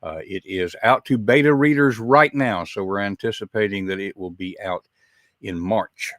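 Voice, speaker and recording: A man's voice: on the low side, normal speed, a bit bright, dry recording, studio quality. A man with a Southern American accent, hosting a live show, chatting in a folksy way with a lot of "uh" fillers. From Southern United States. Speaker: podcast host.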